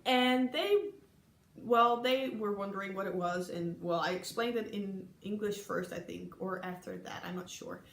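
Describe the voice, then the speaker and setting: A woman's voice: mid-range voice, measured pace, gravelly, slight background noise. Giggly Dutch young woman, echoey room. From Netherlands. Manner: chatty, giggly, many ums, acts out quoted people. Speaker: vlogger recalling an exchange year. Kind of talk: casual storytelling to camera.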